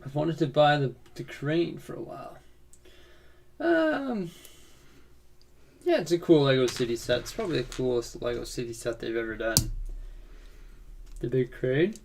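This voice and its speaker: A man's voice: medium pitch, fairly quick, creaky. Drowsy man chatting on a stream. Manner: relaxed, drowsy, laughs easily. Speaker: livestream co-host. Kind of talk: casual livestream chat. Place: home building room.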